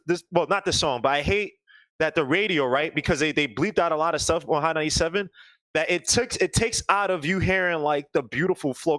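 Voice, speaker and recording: An animated man co-hosting a casual album review, rambling as he talks. His voice sits high and swings widely in pitch. The recording is dry and close. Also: dry recording. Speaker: podcast co-host. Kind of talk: casual chat.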